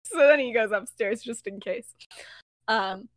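Chatty young woman host, story retelling, giggly, higher voice, dry close mic. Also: a little slow, no room sound. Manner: chatty, giggly, lots of fillers. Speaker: podcast host. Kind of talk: casual storytelling of fan fiction.

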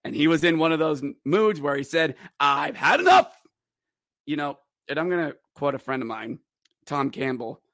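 Male podcast host, higher voice, dry close-mic sound, excitable hockey recap full of jokes and shouts. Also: a little fast, dry recording. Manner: excitable, jokey, acts out players' voices with sudden loud shouts. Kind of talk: animated solo sports recap.

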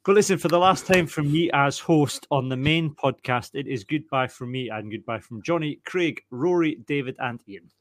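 A man hosting a podcast in a casual, self-deprecating chat. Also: on the high side. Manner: chatty, self-deprecating, quick-talking. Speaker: podcast host.

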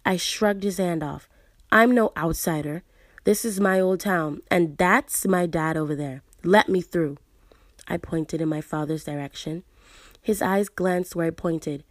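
A woman reading a dramatic story aloud in a hushed, sometimes breathy voice, and later chatting casually about the book. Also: on the low side, no echo. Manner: hushed, at times breathy narration. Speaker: reader and book reviewer.

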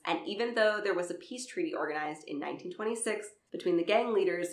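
A woman with a Southern accent co-hosting a casual true-crime podcast. She swears a lot, laughs often and talks in an animated way. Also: lowish voice, echoey room. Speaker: podcast co-host.

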